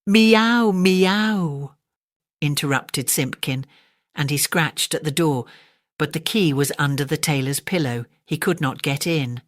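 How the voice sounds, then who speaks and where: Low voiced lady reading a bedtime storybook, calm and measured, no room echo. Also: clean studio sound. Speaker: narrator. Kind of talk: scripted storybook narration.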